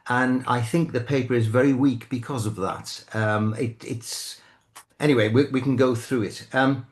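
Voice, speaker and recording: An older Englishman with a British accent, talking casually at an ordinary, middling pitch. He stumbles and restarts often, correcting himself mid-sentence as he works out his point. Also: steady tone. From England. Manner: halting, frequent restarts and self-corrections. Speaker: guest commentator. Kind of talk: casual chat.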